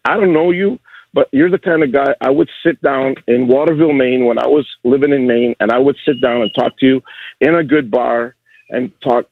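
A man in his sixties rambles earnestly as a caller to a radio show. His voice is husky, heard over a tinny phone line. The sound is dry, with no room around it. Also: mid-range voice, steady tone, normal speed, no room sound. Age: 60s. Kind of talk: call-in chat.

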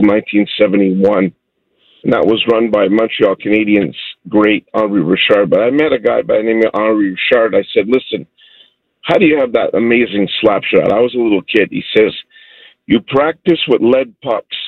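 Gravelly middle-aged caller on a dull line. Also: male voice, on the low side, no echo. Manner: heartfelt, animated storytelling. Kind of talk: phoned-in storytelling.

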